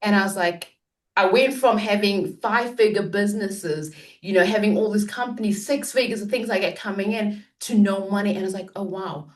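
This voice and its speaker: A woman on a panel telling her own story, animated, laughing and acting out the voices in it. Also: medium pitch, brisk, recorded from a distance. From Africa. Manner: animated, laughing, acts out dialogue.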